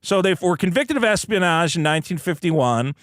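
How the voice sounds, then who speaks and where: A man with a high-pitched, lively voice chats on a comedy podcast. He rambles through stories with swearing and jokes, and his voice sits close and dry on the mic. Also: brisk, no room sound. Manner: rambling, profane, jokey storytelling. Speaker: podcast co-host. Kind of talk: casual comedic podcast chat.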